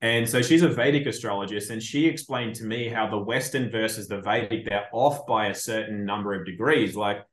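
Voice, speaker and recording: A man hosting a podcast, talking in a blunt, profane, animated way in casual chat. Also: fairly low pitch, a little fast, few pauses, echoey room. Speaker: podcast host.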